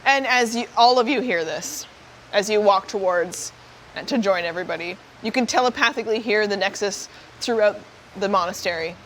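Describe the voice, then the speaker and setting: A woman narrating as game master of a tabletop game, describing the scene in measured sentences. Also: medium pitch, fairly bright tone, poor audio. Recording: faint background noise.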